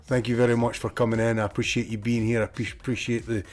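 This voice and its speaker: A man's voice: medium pitch, little pitch movement, fast talker, faint music behind. A Scottish man streaming from a room at home, chatting in a rambling way and reading his viewers' messages aloud. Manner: rambling, reads chat aloud. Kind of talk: casual chat with viewers.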